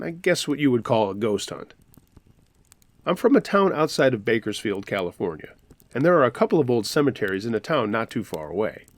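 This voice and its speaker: A man in a middle register narrates true scary stories with measured, dramatic pauses. His voice is close and dry, with no room sound around it. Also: mid-range voice, dry recording. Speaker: narrator reading listener stories. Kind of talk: scripted storytelling narration.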